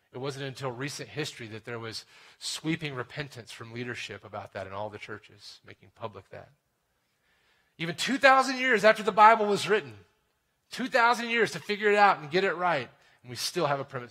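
A man preaching a sermon in a conversational way, often asking "right?" and dropping to a hushed tone for serious points. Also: mid-range voice. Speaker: pastor.

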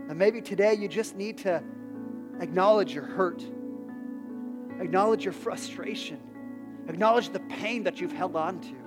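Male pastor, 30s, high-pitched and earnest, preaching in a reverberant hall with soft music underneath. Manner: earnest, repeats phrases, drops soft for prayers. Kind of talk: sermon.

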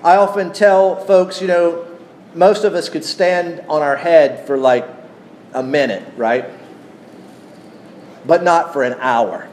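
A man preaching a sermon, teaching at an unhurried pace and putting questions to his congregation. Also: on the high side, darkish tone, slight background noise. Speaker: pastor.

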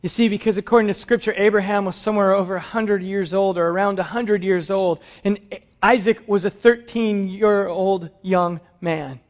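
A male pastor delivers a sermon as a dramatic story, often falling into hushed tones. His voice sits high, and the recording has a dull, lo-fi sound. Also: steady tone, moderate pace.

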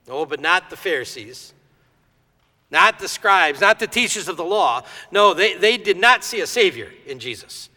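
Male pastor, high bright voice, animated storyteller, long church reverb. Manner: lively storytelling, acts out quoted voices. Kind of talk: sermon.

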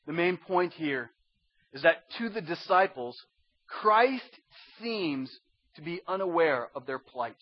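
A man preaching a sermon as a pastor, dropping to a hush and rising to loud pleading. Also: on the high side, expressive, unhurried, dull audio. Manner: swings from hushed to loud pleading.

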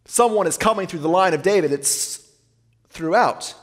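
A man preaching a sermon, asking rhetorical questions and slowing down to read scripture aloud. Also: high voice, big-room sound. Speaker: pastor.

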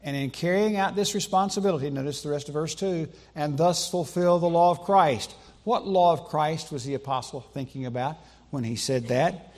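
Emphatic preaching man, slow pauses. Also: fairly high pitch, darkish tone. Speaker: pastor. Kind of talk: sermon. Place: church sanctuary.

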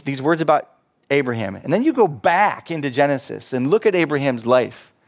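A man preaching a sermon as pastor, animated, acting out quoted voices and laughing at himself. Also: fairly high pitch.

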